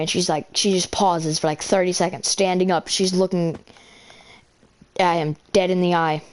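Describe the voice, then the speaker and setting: A woman's voice: on the low side, fairly even intonation, moderate pace, a little mellow, slight background noise. A teenage girl casually telling a long school story while playing a game, rambling with lots of fillers and restarts. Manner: rambling, filler-heavy, self-correcting.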